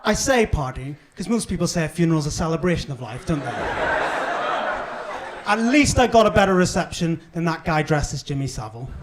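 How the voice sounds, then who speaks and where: Young Northern Irish comic, high voice. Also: male voice, expressive. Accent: Northern Irish, toned down. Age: young adult. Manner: brisk, punchy, self-deprecating delivery. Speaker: stand-up comedian. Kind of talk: stand-up comedy set. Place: comedy club stage. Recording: live club recording with audience noise. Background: audience laughter and cheers.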